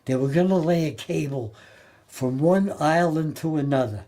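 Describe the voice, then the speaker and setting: An older man recalling his time as a Navy sailor in a halting, plain-spoken way, often repeating and restarting his words. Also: on the high side, dark tone. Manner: plain-spoken, colloquial grammar. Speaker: Navy veteran interviewee. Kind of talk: oral history storytelling.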